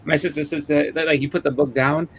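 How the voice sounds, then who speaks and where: A man's voice: on the high side, steady tone, fast talker, slight background noise. A man co-hosting a casual chat about comic books, joking and acting out silly voices for the covers. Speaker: podcast co-host.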